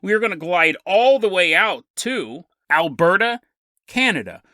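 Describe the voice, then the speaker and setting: A man hosting a podcast, narrating a strange story in an animated, joking, conversational way. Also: high voice, a little slow, dry recording. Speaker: podcast host.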